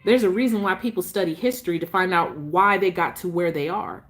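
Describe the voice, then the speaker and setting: A woman's voice: lowish voice, a little fast. A woman telling her story as a parent in a casual vlog, frustrated and emphatic, with many restarts.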